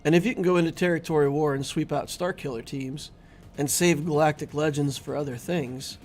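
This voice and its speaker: Over soft background music, a middle-aged man running a gaming channel gives casual live-stream commentary, chatting easily with viewers. He speaks a little fast in a slightly high, steady voice with a darkish tone.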